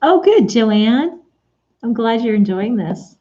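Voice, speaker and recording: A woman's voice: fairly high pitch, very animated, slow, mellow, lo-fi sound. A woman chatting casually on a live stream while she sews at home, answering viewers' comments by name. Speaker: Etsy shop owner live-streaming while sewing.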